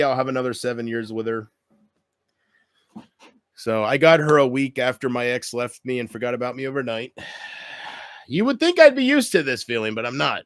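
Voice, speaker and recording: Rambling livestreamer man, lively pitch. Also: dry recording, clean studio sound. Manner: rambling, self-deprecating, talks to chat directly. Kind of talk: casual livestream chat. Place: home room. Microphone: computer mic with headphones.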